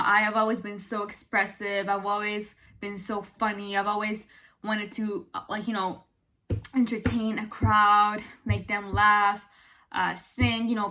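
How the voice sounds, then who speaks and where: Bright-voiced chatty young woman vlogger. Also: medium pitch. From Italy. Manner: expressive, chatty, many fillers. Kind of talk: casual chat to camera.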